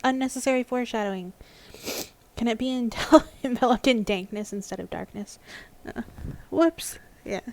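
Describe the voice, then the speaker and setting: A woman's voice: a little high, normal speed. A woman streaming a game live, chatting in a casual, openly emotional way, laughing often and apologizing for tearing up. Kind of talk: live-streamed gameplay commentary.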